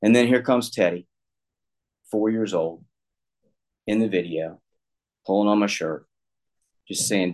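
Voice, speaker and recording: A man's voice: on the low side, measured pace, long pauses, a little mellow, poor audio. A middle-aged man candidly telling a personal story, rambling and self-deprecating, often restarting his sentences. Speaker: guest sharing recovery story.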